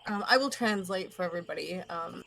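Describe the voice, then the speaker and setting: A woman playing a tabletop game, talking in an animated, giggly way. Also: lowish voice, fast, vocal fry, a little hiss or hum, low-quality recording. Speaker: player.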